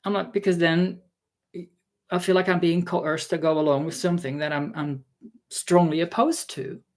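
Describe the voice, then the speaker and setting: A man vlogging a casual story, exasperated and sarcastic, acting out the people he quotes with sudden jumps in pitch. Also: fairly even intonation, normal speed. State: tired.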